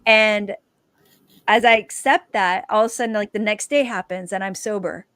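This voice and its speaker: A woman, a dancer and author, telling her personal testimony as a guest and lively acting out the quoted dialogue. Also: medium pitch, normal speed, smooth, no room sound.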